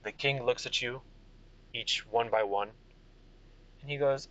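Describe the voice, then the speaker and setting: A man's voice: mid-range voice, unhurried, pauses often, a bit bright, no room sound, lo-fi sound. A young man narrating as game master from inside his car, rambling with fillers and restarts. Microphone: computer or tablet mic.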